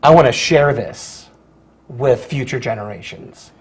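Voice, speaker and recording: A man who teaches high school drama, from Virginia, talking casually in an interview with lots of fillers and laughs. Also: unhurried, husky, low-quality recording. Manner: chatty, laughs often, many fillers and restarts.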